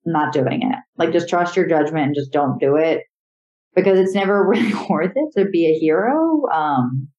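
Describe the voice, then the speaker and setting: A woman's voice: low voice, expressive, moderate pace, a little mellow, muffled recording. A young woman and comedian chatting casually over a video call, telling rambling stories full of fillers. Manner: rambling storytelling with many fillers. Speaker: comedian guest.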